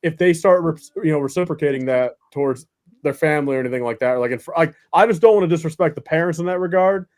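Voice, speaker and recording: A man's voice: fairly high pitch, fast talker, darkish tone. A man in casual podcast chat, rambling in a laid-back, slangy way.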